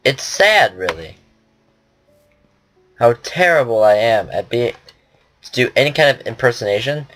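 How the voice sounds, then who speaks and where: Man, casual gaming commentary, rambling, self-mocking, mid pitch. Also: very animated, measured pace, long pauses, a bit bright, soft background music. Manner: rambling, self-deprecating chatter. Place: at a home computer.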